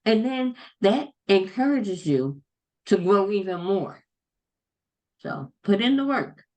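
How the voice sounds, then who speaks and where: A woman's voice: medium pitch, big pitch swings, slow pace, darkish tone. A grandmother chatting casually as a podcast guest, speaking in an earnest, encouraging way. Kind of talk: casual chat between friends.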